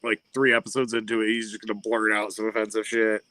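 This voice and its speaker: A man's voice: lowish voice, monotone, fast, bright, forceful tone. A man co-hosting a live stream, teasing his friend with dry jokes in casual chat. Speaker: co-host.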